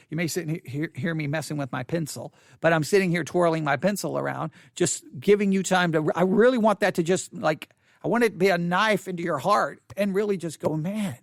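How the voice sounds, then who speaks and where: A man's voice: sits high, gravelly, a bit bright, no echo, clean studio sound. A man giving a devotional Bible teaching for a podcast, thinking aloud with restarts and stammers while seated at a desk.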